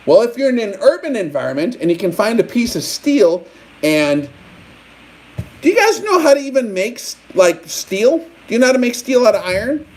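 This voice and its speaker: A man's voice: very high-pitched, big pitch swings, normal speed, darkish tone, rough recording. A man hosting a live stream, rambling and mock-taunting his audience with rhetorical questions. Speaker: livestream host.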